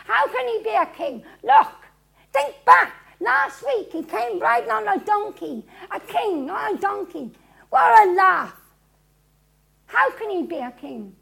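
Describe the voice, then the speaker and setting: A woman preacher voicing a weak, frightened Roman governor, a man, who speaks in a loud, mocking, raised voice. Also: extremely high pitch, big pitch swings, unhurried, vocal fry, exaggerated voice.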